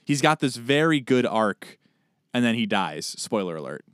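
A man co-hosting a podcast in casual chat, animated and joking, with quick asides. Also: mid-range voice, smooth, no echo, studio quality. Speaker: podcast co-host.

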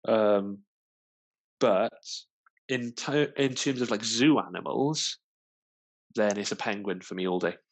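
A man's voice: fairly low pitch, slow pace, pauses often. A man co-hosting a podcast in casual chat, easygoing and full of fillers. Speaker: podcast co-host.

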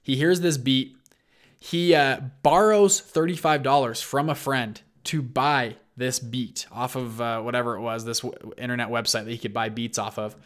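With a mid-range voice and moderate pace, this man hosts a show full of casual storytelling. He's animated, acts out what people said, and frequently starts his sentences over.

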